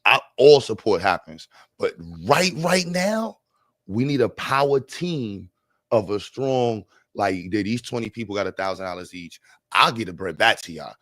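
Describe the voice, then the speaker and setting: Energetic New livestream host. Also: male voice, on the low side, unhurried, dry recording. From New York. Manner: energetic, repeats words, slangy, shouts out chat. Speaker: livestream host raising funds for a school. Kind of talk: casual livestream chat.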